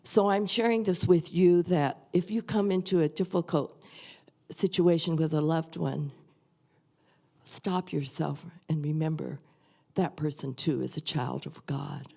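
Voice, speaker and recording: An older woman giving an earnest, heartfelt personal testimony in a church service, speaking softly and confidingly. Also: deep voice, fairly even intonation, a little slow, gravelly. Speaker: church member sharing a testimony. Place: church sanctuary.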